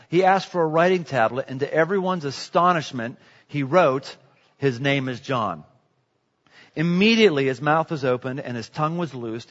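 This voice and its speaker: Animated pastor preaching in a hall. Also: male voice, a little high. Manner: animated, jokey, repetitive, acts out voices. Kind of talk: sermon. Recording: echoey hall, dull sound.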